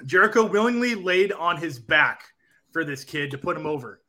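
Bright-voiced man breaking things down thoughtfully. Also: a little high, lively intonation, moderate pace. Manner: thoughtful, rambling, analytical. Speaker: podcast co-host. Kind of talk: casual wrestling analysis.

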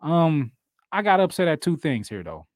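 A man's voice: on the high side, big pitch swings, normal speed, darkish tone, no room sound. Profane, chatty male podcast host. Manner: profane, laughing, loose storytelling. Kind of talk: casual wrestling talk.

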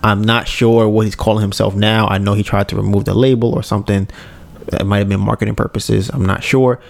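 Lowish, brisk and creaky, this man's voice carries a relaxed, mostly flat ramble as he co-hosts a casual podcast. He keeps correcting himself and swearing.

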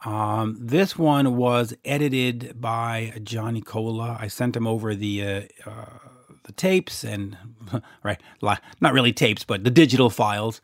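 Speaking a little slowly at a medium pitch, a Canadian man rambles through his solo podcast in a relaxed, jokey style, with frequent fillers and restarts. The recording is dry and cleanly studio-produced.

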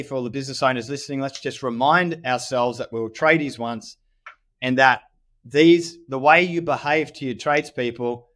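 A man's voice: mid-range voice, fairly bright tone. Australian man, coaching podcast host. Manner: coaching, persuasive, speaks to business owners directly. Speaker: podcast host and business owner. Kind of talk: casual podcast chat.

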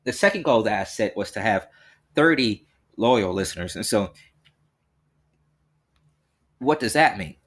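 Young male solo podcast host, low-ish voice, earnest and rambling with lots of fillers. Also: animated, a little slow, pauses often. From Tennessee.

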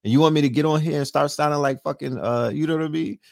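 A man's voice: fairly high pitch, fast, gravelly, darkish tone, dry recording, clean studio sound. A man hosting a late-night livestream, brash and profane, constantly asking his viewers rhetorical questions. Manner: profane, brash trash talk; frequent rhetorical asides to viewers. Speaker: livestream host.

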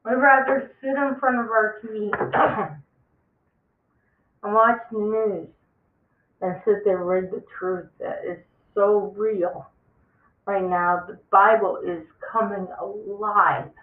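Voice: medium pitch, fairly even intonation, slow pace. A speaker giving an impassioned end-times warning monologue, emphatic and preachy, repeating words for stress. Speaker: religious vlogger. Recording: tinny phone-like sound in an echoey room.

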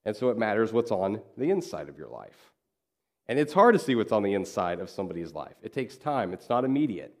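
A man's voice: lowish voice, very animated, fairly quick, darkish tone. A man preaching a sermon in a conversational way, telling a story and acting out the dialogue. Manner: conversational, acts out quoted dialogue. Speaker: pastor. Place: church.

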